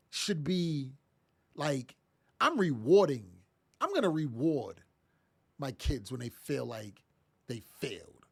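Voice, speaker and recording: A middle-aged man who hosts a parenting podcast gives a motivational monologue, his voice high-leaning, creaky and husky from sinus congestion. He delivers it casually, emphatically and with lots of repetition.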